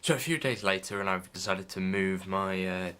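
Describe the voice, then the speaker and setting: A man's voice: sits low, moderate pace, bright, forceful tone, smooth. A man vlogging behind the scenes in a casual, rambling way, with many fillers and restarts. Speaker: vlogger, filmmaker.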